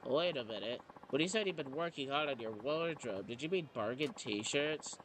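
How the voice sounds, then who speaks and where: A man's voice: medium pitch, expressive, moderate pace, a little hiss or hum, natural voice. A man reading a game aloud, voicing a polite, timid teenage girl who apologizes and hesitates. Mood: puzzled. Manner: apologetic, soft-spoken, hesitant.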